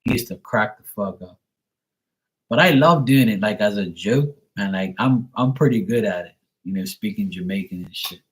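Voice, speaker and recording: Homem de voz grave, conversa solta e desbocada. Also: male voice, on the low side, normal speed. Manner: loose, profane and laughing, imitates accents. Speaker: live tarot reader and streamer. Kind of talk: casual live-stream chat.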